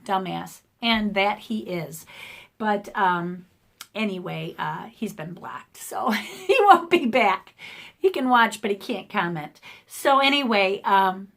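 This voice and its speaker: A middle-aged woman speaks straight to her camera in a casual personal vlog. Her voice is hoarse and keeps catching. She rambles emotionally, full of ums and restarts. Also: mid-range voice, fairly bright tone. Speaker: art channel host. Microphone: camera facing the speaker.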